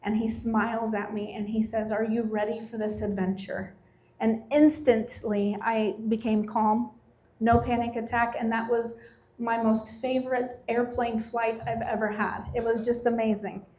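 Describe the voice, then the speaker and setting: A middle-aged woman giving an earnest personal faith testimony, reading scripture with slow emphasis. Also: on the high side, little pitch movement, dark tone. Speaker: testimony speaker.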